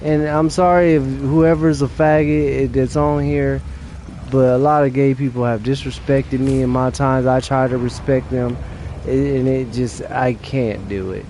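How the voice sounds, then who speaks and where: A man's voice: medium pitch, fairly even intonation, a little slow, warm tone, slight background noise. A young adult man streaming a game late at night, chatting casually in a rambling, profane way with restarts.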